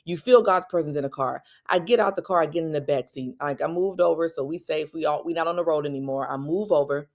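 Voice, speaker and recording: A woman, telling a personal faith story as a Christian parenting speaker, her voice jumping higher when she quotes people. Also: fast, hardly any pauses. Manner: animated, rising pitch when quoting others.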